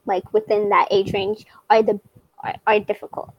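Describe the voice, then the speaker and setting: Gravelly, laid-back woman chatting. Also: mid-range voice, flat delivery, normal speed, no echo, muffled recording. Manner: laid-back, laughs easily, uses slang. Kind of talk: casual chat.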